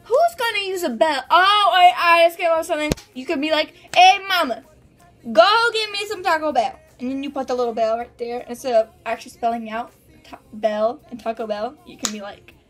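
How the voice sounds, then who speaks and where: A young woman with a high, bright voice chats away in a casual vlog. She is bubbly and giggly and keeps slipping in filler words, while faint music plays behind her. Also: fairly quick. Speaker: vlogger.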